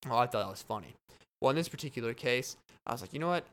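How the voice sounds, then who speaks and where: A man's voice: mid-range voice, quick pace, a bit bright. Rambling, giggly male podcast host. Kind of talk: solo podcast monologue.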